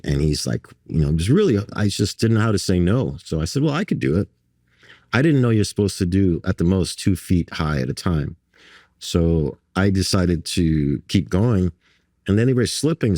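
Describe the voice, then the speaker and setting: A man's voice: deep voice, mellow, no echo, clean studio sound. A man from New York and Barbados, a guest artist telling stories in conversation, with many restarts and fillers. He acts out the voices of the people in his stories. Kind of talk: conversational storytelling.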